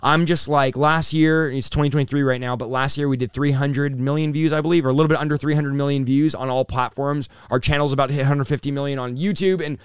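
A man in his thirties, a pastor guest telling his story in an animated, rapid-fire way, peppered with bro and dude. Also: medium pitch, clear, resonant tone, dry recording, studio quality. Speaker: pastor and revivalist, interview guest. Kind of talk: excited conversational storytelling.

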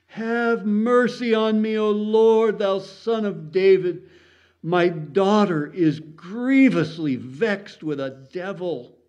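A man voicing a desperate mother who pleads in a slow, drawn-out way. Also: high-pitched, a little mellow, voice pushed up. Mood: pleading. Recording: dull lo-fi recording.

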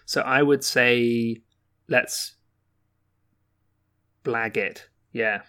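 A man's voice: medium pitch, steady tone, drawn-out words, pushed and bright, clean tone. A man casually talking through choices while playing a gamebook. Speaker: player making choices. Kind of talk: casual chat.

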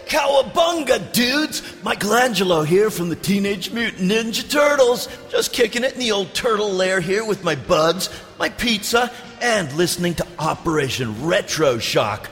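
A man voicing a hyped, shouty surfer-dude teenage mutant turtle in a promo clip with slang-filled delivery. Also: high voice, lively intonation, moderate pace. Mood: stoked. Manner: shouty, laid-back slang. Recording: roomy reverb over music. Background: music.

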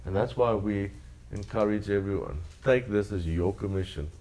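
A man with a very low voice delivering a sermon. His preaching is earnest and leans on repeated phrases. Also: normal speed, darkish tone. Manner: earnest, repetitive preaching cadence. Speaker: pastor.

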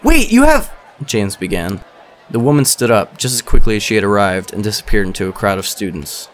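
A man's voice: fairly low pitch, fairly even intonation, brisk, a little hiss or hum. A man narrating a story as an audiobook reader.

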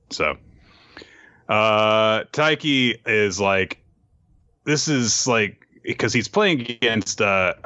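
Bright low-voiced man recapping casually. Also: lively intonation, unhurried, dry recording. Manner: rambling, laughing, lots of fillers. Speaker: podcast co-host. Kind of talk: casual chat recapping a manga. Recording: dull lo-fi sound, dry.

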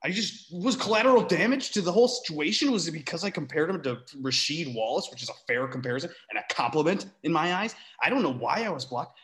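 A man co-hosting a casual sports podcast, ranting in an animated, exasperated way, with sarcastic asides and free swearing. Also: a little high, fast talker, hardly any pauses. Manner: swears freely. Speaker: podcast co-host.

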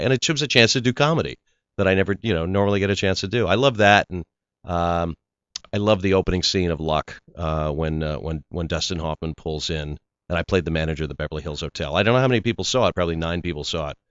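A man with a very low voice chats as an actor guest in an interview, rambling through anecdotes and restarting his sentences. The sound is dry and close, with a slightly dull, lo-fi quality. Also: fast, a bit bright, no echo. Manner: rambling storyteller, restarts often. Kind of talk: casual interview chat.

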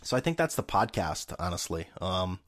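A man's voice: sits low, big pitch swings, moderate pace, fairly bright tone. A man hosting a casual solo podcast, rambling and sarcastic with plenty of profanity. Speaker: podcast host.

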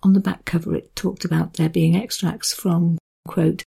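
A woman with a gravelly, husky voice presents a book and reads short passages from it. Her tone is dark and mellow. She explains things in a relaxed, conversational way. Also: on the low side, moderate pace. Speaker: book reviewer. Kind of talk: book review with read extracts.

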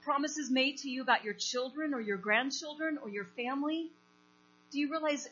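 A woman delivers a sermon, moving between a story and questions to her listeners. Her voice sits fairly high and comes across bright and forceful. The recording is dull and lo-fi, with a steady mains hum underneath. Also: moderate pace. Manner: animated storytelling, asks the congregation questions. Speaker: preacher.

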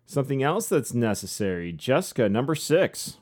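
A man's voice: mid-range voice, very animated, normal speed, darkish tone. A man co-hosting a podcast, chatting casually and rambling with frequent laughs. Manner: rambling, conversational, laughs often. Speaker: podcast co-host. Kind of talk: casual chat.

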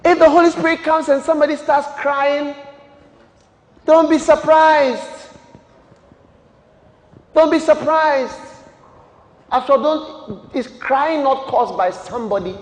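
A man pastor preaching a sermon with emphatic, repeated rhetorical questions that rise into shouts. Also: very high voice, slow, pauses often. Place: large church hall. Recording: echoey church hall with long reverb.

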